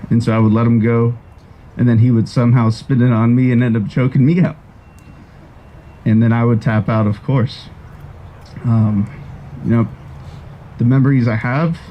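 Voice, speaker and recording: A man giving a measured, reflective eulogy for a friend at a graveside. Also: mid-range voice, highs cut off, slight background noise. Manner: measured and reflective, with a few restarts. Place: outdoors at a graveside.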